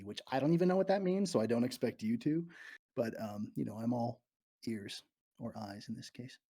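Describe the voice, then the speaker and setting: A man's voice: mid-range voice, dark tone. A nervous man rambling and laughing as he answers viewer questions during a live stream from an abandoned morgue. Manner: nervous, rambling, giggly, self-deprecating. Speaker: YouTuber livestreaming to fans.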